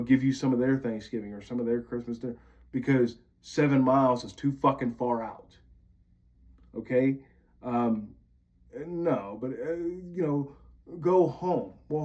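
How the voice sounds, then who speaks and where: A man's voice: mid-range voice, dark tone. Bitter, profane man ranting on a dull recording. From Pennsylvania. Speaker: vlogger. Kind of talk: venting monologue to camera.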